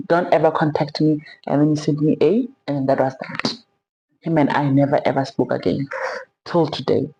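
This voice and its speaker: Young South African woman, low voice, chatty storyteller who drops Zulu slang, sit-down vlog. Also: mellow, poor audio. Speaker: vlogger.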